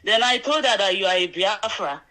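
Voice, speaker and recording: A woman's voice: medium pitch, expressive, moderate pace, pushed and bright, rough recording. A woman calling in to a show, talking in an earnest, emotional, repetitive way. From Nigeria. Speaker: caller. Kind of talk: call-in chat.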